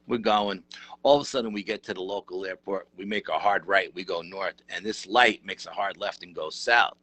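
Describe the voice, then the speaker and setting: A middle-aged man tells a story in an animated, rough-edged way. His voice sits very low but has a bright, forward edge. The recording is close and dry. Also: brisk, no room sound. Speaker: interview guest, paranormal researcher. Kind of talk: casual storytelling.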